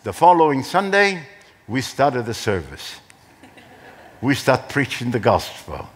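An older man preaching as a pastor, telling a personal story and acting out quoted dialogue with animated shifts. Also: medium pitch, measured pace, slightly rough. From Australia. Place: church hall. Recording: church hall with long reverb.

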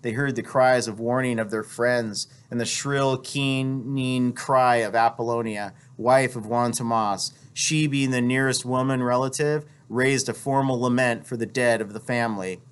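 A man reads a novel aloud for a class in a plain voice at a middle pitch. He stops now and then to explain a passage, and his voice lifts gently whenever he comes to the characters' dialogue. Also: fairly even intonation, a little slow, few pauses, clean tone. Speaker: teacher reading a novel aloud. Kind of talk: read-aloud with commentary.

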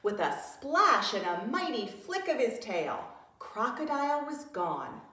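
Preschool teacher lady reading a story aloud, slow and bouncy, gasps a lot, super echoey room, mic far away. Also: fairly high pitch. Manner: slow, expressive, with gasps and questions to children. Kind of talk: children's read-aloud.

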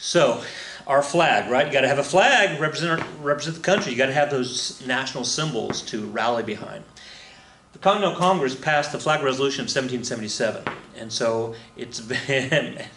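A man with a medium-pitched, fairly bright voice teaches history in a relaxed, rambling recorded lecture, full of fillers, restarts and chuckles. A flag is on the wall of the room, and the recording sounds echoey.

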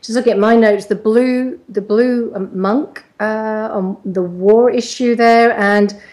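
Woman host, a bit high-pitched, hesitant, lots of ums. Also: steady tone, a little slow, darkish tone. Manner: hesitant, many "um" and "okay". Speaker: radio host. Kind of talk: hosting an interview.

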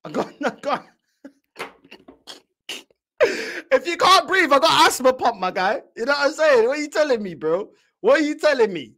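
A woman's voice: high voice, very animated, moderate pace, long pauses, fairly bright tone. A woman with a London accent hosting a fan channel, teasing and chatting casually in heavy slang, constantly asking whether the listener gets it. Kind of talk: casual reaction commentary.

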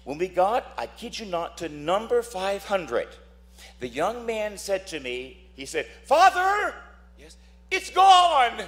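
A man's voice: sits high, animated, measured pace. A man who is a priest, preaching a dramatic sermon, telling stories and acting out voices while asking "Amen?".

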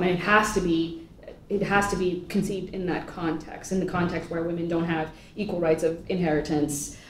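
Halting woman panelist, far-off in a hall. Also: lowish voice. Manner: halting, many restarts, indignant. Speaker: panelist and moderator. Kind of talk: panel discussion. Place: lecture hall. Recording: echoey hall, distant mic, faint noise.

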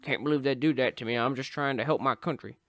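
A man's voice: medium pitch, fairly even intonation, fast talker, fairly bright tone, no room sound, soft background music. A man giving casual, joking commentary while playing a video game, rambling and breaking into sudden yelps. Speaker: gaming YouTuber.

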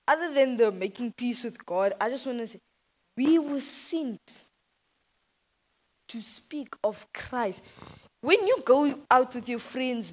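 A woman's voice: fairly high pitch, low-quality recording. A woman gives an informal, earnest sermon as a youth speaker in church, talking conversationally and hesitantly.

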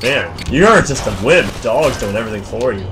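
A man's voice: medium pitch, expressive, moderate pace, music in the background. A man watching a friend play a video game, teasing him and joking in a casual, chatty way. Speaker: co-commentator. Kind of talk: let's play commentary.

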